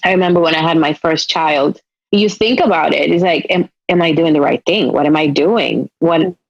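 A woman's voice: low-pitched, moderate pace, creaky, dry recording, highs cut off. A woman with a Spanish accent hosting a podcast, speaking in earnest, reflective runs in casual interview chat. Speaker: podcast host.

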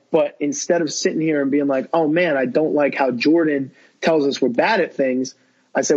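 A man's voice: fairly high pitch, breathy edge, muffled recording. A young man talking as a podcast guest, telling a long story in rambling casual chat full of fillers and quoted dialogue.

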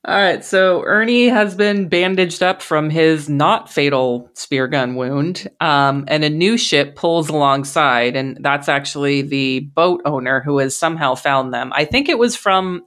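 A woman's voice: low-pitched, a little slow, few pauses, fairly bright tone. A woman hosting a podcast, recapping a film in casual chat, swearing freely and laughing in disbelief. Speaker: podcast host.

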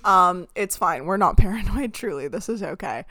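A woman's voice: lowish voice, animated, normal speed, sharp tone, no room sound. A woman hosting a casual sports podcast, upbeat and joking as she opens the episode. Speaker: podcast host.

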